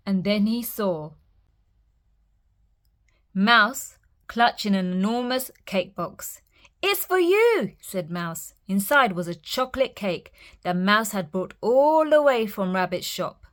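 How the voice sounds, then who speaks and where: A woman reading a picture book aloud for children's storytime, gentle and expressive. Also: medium pitch, a little slow.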